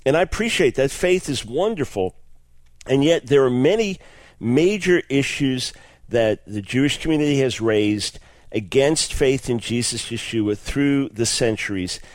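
Animated and at a measured pace, the radio host speaks in a mid-range voice, dry and close. His teaching monologue is earnest and enthusiastic, with repeated words at each restart.

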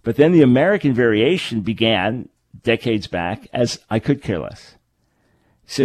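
A man hosts a radio talk show from a studio, making his points emphatically and correcting himself along the way into a studio microphone. His mid-range voice has a darkish tone and a sing-song lilt at normal speed.

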